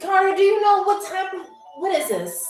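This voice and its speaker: A woman hosting a live-stream game show in a high voice, teasing viewers and answering them sarcastically. The recording has an echoey room around her. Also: very animated, normal speed, soft background music.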